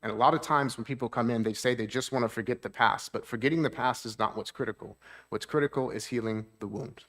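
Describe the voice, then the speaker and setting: Guy giving a trauma talk at church, explains simply, asks the room if they follow, middle pitch. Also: fast, fairly bright tone. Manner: explains plainly, checks in with the audience; voice lifts to act out moods. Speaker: therapist. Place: church hall with audience.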